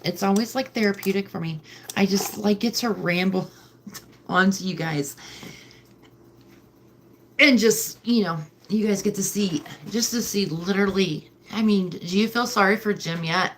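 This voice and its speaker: A woman's voice: mid-range voice, a little hiss or hum. A woman hosting a casual livestream from home at night, rambling and chatty with lots of fillers. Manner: chatty, filler-heavy, emotional. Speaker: livestream host. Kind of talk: rambling live-stream chat.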